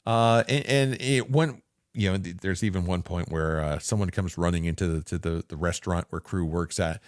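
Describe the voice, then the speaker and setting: A man's voice: low-pitched, normal speed, no echo, clean studio sound. A man co-hosting a casual movie podcast who rambles, jokes and slips into little voices. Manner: rambling, animated, fond of doing voices. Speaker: podcast co-host. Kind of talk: casual movie-review chat.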